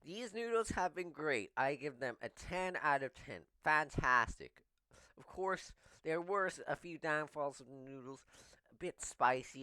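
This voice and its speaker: Male mukbang host, unhurried delivery, smooth clear tone, dry close sound, chatty between bites. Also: mid-range voice, sharp tone, no room sound. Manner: talks while chewing, slow and playful, begs for subscribers. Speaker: mukbang vlogger. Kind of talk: casual eating vlog.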